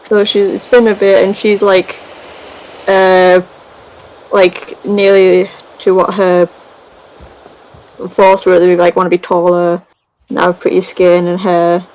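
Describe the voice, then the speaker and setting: A woman's voice: on the low side, monotone, takes it slowly, long pauses, a little mellow, poor audio. Chatty woman rambling through a story recap. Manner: chatty, rambling, many fillers and giggles. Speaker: gaming video creator. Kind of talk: casual story recap over gameplay.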